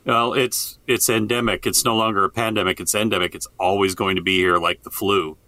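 A man co-hosting a casual political chat who laughs easily and chimes in with quick agreement. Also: deep voice, little pitch movement, bright, forceful tone, no room sound. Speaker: podcast co-host.

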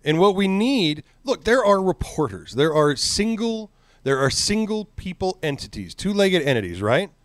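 A man's voice: sits high, sing-song, normal speed, dry recording, clean studio sound. A man hosting a podcast, chatting casually with crude, sardonic, profane humor. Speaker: podcast host. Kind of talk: casual chat.

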